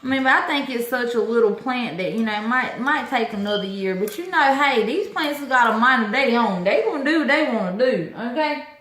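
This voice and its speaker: A woman's voice: on the high side, fairly quick, few pauses, pushed and bright. A woman chatting casually to viewers about her orchids, exclaiming often and calling them y'all. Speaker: vlogger showing her orchid collection. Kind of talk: casual chat. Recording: echoey room.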